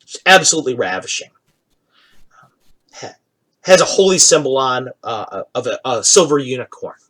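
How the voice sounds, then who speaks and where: A man running a tabletop game, describing characters and scenes at an easy, unhurried pace. He pauses often and fills gaps with small fillers. His voice sits at an ordinary middle pitch. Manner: relaxed, halting description with fillers. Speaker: game master.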